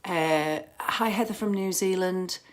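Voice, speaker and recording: A woman's voice: on the low side, a little slow. Chatty woman rambling through a phone livestream. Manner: chatty, rambling, lots of ums and restarts. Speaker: musician hosting a fan livestream. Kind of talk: casual livestream chat. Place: home. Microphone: phone camera.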